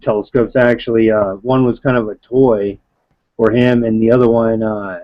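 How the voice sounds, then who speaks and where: A man hosting a live broadcast, chatting casually about his young son in a halting, hesitant way. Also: on the low side, steady tone. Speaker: father and stream host. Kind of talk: casual chat. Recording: dull lo-fi sound.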